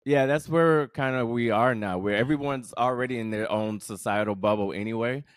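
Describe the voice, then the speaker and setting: A man co-hosts a relaxed podcast chat, thinking out loud and repeating words to drive his point home. His pitch is ordinary, and the sound is dry and close to the mic. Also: normal speed, clean tone, no echo. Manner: reflective, repeats words for emphasis. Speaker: podcast co-host. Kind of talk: casual chat.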